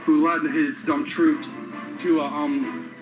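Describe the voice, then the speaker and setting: A man's voice: fairly high pitch, little pitch movement, takes it slowly. Indignant man over muffled music. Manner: indignant, with frequent fillers. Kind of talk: casual political chat. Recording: dull, muffled sound with music behind.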